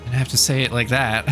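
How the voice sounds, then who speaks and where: A man with a mid-range voice livestreams a game, rambling casually to chat and laughing often. Faint music plays behind him. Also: medium pitch. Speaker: game streamer. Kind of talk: casual live-stream chat while gaming.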